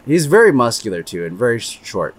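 A man's voice: medium pitch, big pitch swings, a little fast, slight background noise. A man co-hosting a podcast in easygoing, agreeable casual chat with loose fillers. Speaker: podcast co-host.

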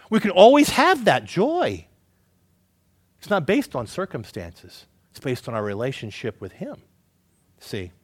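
A man preaching a conversational sermon, asking the listeners rhetorical questions and swinging between emphatic rises and quiet, low asides. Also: no echo, studio quality. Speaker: pastor.

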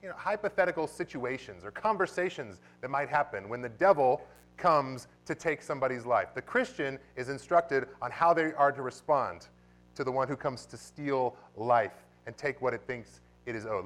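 A man preaching a sermon as pastor of his church, animated and sometimes bursting into loud exclamations. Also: medium pitch, normal speed, soft background music. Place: church sanctuary.

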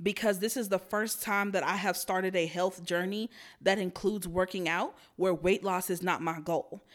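A young woman hosting her own show, ranting in a heated, profane, emphatic way that turns quiet and somber at times. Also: on the low side, fairly even intonation, moderate pace. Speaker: podcast host. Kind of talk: profane solo rant.

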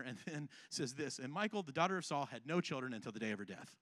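A man's voice: mid-range voice, animated, quick pace, few pauses, fairly bright tone, no room sound. A male pastor preaching a sermon in a conversational, humorous way, reading scripture and often checking in with his listeners.

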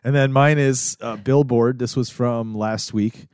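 A man's voice: mid-range voice, fairly even intonation, measured pace, a little mellow, clear, resonant tone, no room sound. A man co-hosting a casual podcast chat, laid-back and teasing, swearing now and then. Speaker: podcast co-host. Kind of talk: casual chat among friends.

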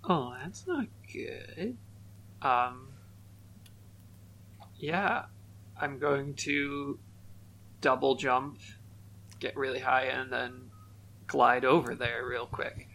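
Gravelly guy describing his character on a tabletop podcast, slow and kinda hesitant, bright tone. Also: medium pitch, level tone. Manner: hesitant, loose, laid back. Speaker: player. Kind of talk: tabletop game podcast chat.

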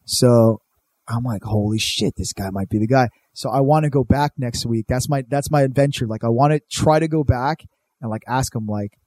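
A man's voice: mid-range voice, moderate pace, a little mellow. Profane, rambling young man telling a story. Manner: profane, rambling, says "dude" a lot. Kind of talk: casual storytelling chat.

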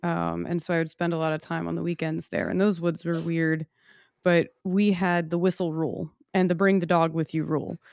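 A woman's voice: lowish voice, little pitch movement, a little fast, vocal fry, darkish tone, no room sound. A woman chatting casually, musing on a story and laughing easily. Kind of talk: casual chat.

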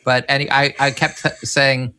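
A man's voice: medium pitch, flat delivery, moderate pace, bright, forceful tone, smooth. A man, a filmmaker guest, telling rambling anecdotes with many restarts and self-corrections. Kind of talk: anecdotal podcast storytelling.

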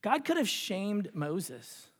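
A pastor preaching a sermon in a church, moving between hushed whispers and rising, repeated phrases. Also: mid-range voice, very animated, slow. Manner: dramatic, with hushed whispered passages and rising repetitions. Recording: long hall reverb.

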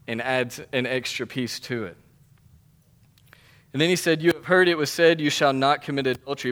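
A man's voice: medium pitch, a bit bright. A man delivering a sermon as a pastor, speaking in an earnest, conversational way with emphatic repetition.

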